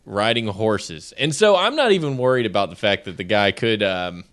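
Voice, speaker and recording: A man's voice: on the low side, a little fast. A man co-hosting a show, telling joking stories in casual chat. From United States. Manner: animated, joking storyteller. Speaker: podcast co-host.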